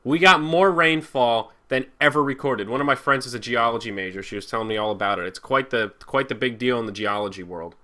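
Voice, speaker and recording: Bright-voiced ranting young man. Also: medium pitch, brisk, few pauses. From New Jersey. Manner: sarcastic, ranting, swears a lot. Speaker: co-host. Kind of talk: casual podcast chat.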